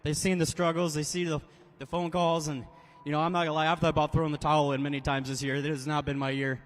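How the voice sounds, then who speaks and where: A man's voice: on the high side, flat delivery, fast talker. A man who drives monster trucks, giving heartfelt, choked-up thanks in a live interview inside a large indoor arena. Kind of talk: live post-event interview. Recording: long arena reverb.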